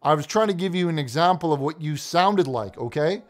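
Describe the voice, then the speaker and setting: A man's voice: a little high, animated, fairly quick. A man hosting a comedic call-in show, blustery and mocking, often parroting his caller. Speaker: host.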